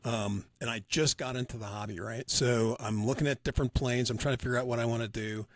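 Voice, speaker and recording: A man co-hosting a hobby podcast, telling an anecdote in a relaxed storytelling way. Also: medium pitch, fast, dry recording. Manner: relaxed storyteller, acts out dialogue. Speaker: podcast co-host. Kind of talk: casual chat.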